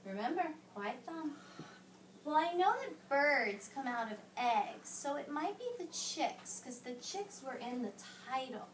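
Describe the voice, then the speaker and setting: A woman teacher reading a picture book aloud to young children and patiently coaching them, hushing them when they call out. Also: high voice, animated, unhurried, a little hiss or hum. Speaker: elementary school teacher. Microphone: camera some distance away. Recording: roomy classroom sound, distant mic.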